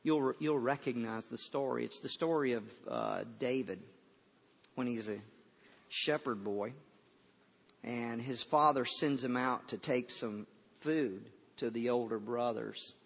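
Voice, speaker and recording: A man's voice: mid-range voice, a little slow, creaky, dull audio. Stammering man preaching, long hall echo. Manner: conversational storytelling with frequent stammers and restarts. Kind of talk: sermon. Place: room with listeners.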